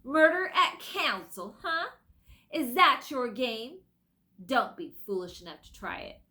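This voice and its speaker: A woman's voice: high voice, sing-song, sharp tone, pitched above the performer's own voice, full character voice. A woman voicing a bitter, angry male dwarf who speaks coldly and snaps. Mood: defiant. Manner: cold, snapping, slow and heated.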